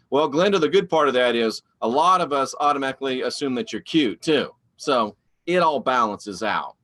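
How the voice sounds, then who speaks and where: A man hosting a live online show, talking in a rambling, animated and preachy way while answering viewer comments. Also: medium pitch, moderate pace. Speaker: online show host reading live chat. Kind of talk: casual live-stream talk.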